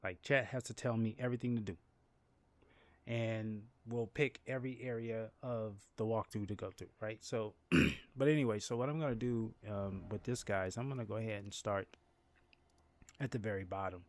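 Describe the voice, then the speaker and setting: A man's voice: fairly low pitch, normal speed. Rambling man. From New Orleans, Louisiana. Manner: rambling, repeats and restarts words; animated storytelling with laughs. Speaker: game streamer. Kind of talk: casual livestream chat.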